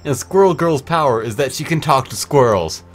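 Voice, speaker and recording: A young man co-hosting a video game let's play in casual, joking chat, swearing freely and dropping into a slow low drawl for laughs. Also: soft background music. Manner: joking, swearing, swoops between low drawl and excited highs.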